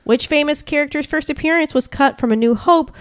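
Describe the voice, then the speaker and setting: A woman's voice: high voice, dry recording. Woman quizzing her co-host, dry studio sound. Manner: reads questions, laughs easily, quick praise. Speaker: podcast co-host reading a quiz. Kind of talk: casual podcast chat.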